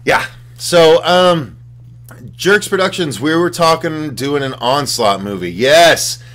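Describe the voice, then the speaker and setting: A man co-hosting a casual livestream chat, excitable and profane, reading viewer comments aloud. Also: fairly high pitch, slow pace. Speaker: podcast co-host.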